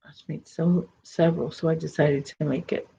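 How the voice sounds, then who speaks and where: A woman's voice: deep voice, steady tone, moderate pace, vocal fry, warm tone, muffled recording. A middle-aged woman hosting a casual crochet live stream, chatting and rambling as she reads viewer comments. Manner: chatty, rambling, self-correcting. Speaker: crochet channel host.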